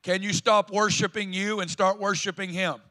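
A man with a Southern US accent preaching a sermon as pastor in a church, emphatic and building to loud declarations. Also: high-pitched, little pitch movement, normal speed. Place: church sanctuary.

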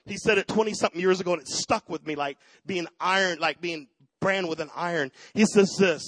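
Middle-aged male pastor, high voice, dry close sound; storytelling sermon that builds to fervent shouts. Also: brisk, dry recording, low-quality recording. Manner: personal storytelling that swells into loud preaching.

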